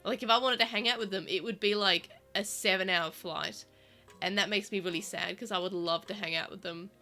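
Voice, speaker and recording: A chatty Australian woman with bright, forward tone and South Australian-tinged vowels. She rambles casually with lots of fillers and restarts, at an everyday middle pitch, with faint music playing underneath. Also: steady tone, brisk. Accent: Australian, South Australian vowels, living in Melbourne. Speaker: podcast co-host. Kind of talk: casual chat.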